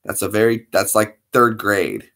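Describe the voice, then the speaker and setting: A man hosting a casual live stream, chatting playfully with his viewers in an animated way. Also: lowish voice, measured pace, creaky.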